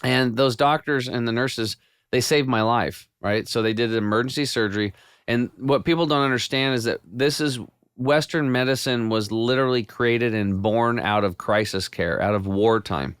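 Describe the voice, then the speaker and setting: A man guest on a podcast, telling his health story in a casual, animated way with many restarts. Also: mid-range voice, normal speed, clear, resonant tone, dry recording, clean studio sound. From United States. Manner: animated storyteller with frequent restarts and quoted self-talk.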